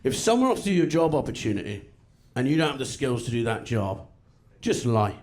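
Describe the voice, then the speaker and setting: A man doing a stand-up comedy routine on a club stage, with a sardonic, deadpan delivery and crude jokes. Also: mid-range voice, fairly quick. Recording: noisy live club recording. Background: audience laughter.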